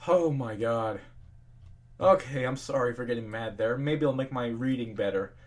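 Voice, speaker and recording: This young man speaks in a mid-range voice at a moderate pace while casually reading fan fiction out loud. Between passages he launches into profanity-laced rants and laughs at what he's reading.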